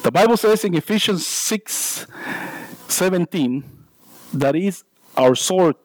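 A man's voice: high voice, lively intonation, takes it slowly, rough recording. A man with a non-native English accent preaching a sermon in church, joking about himself and restarting his sentences often. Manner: self-deprecating, jokey asides, stammering restarts.

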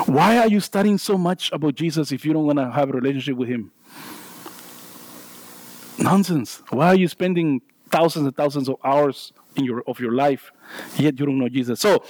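A man's voice: fairly high pitch, a little mellow, no echo, poor audio. A man with a non-native English accent preaching a sermon in church, joking about himself and restarting his sentences often. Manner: self-deprecating, jokey asides, stammering restarts.

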